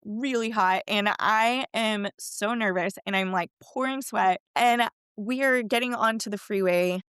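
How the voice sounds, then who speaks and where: Middle-aged woman coach telling stories, animated, does little voices, clean dry sound. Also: mid-range voice, smooth, no room sound. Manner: chatty, animated, acts out quoted voices. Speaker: fitness and wellness coach. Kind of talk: casual storytelling interview.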